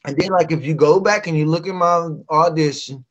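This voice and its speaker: A middle-aged man from West Virginia, a guest singer telling a lively casual story and acting out the voices of people in it. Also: a little high, a little fast, dull audio.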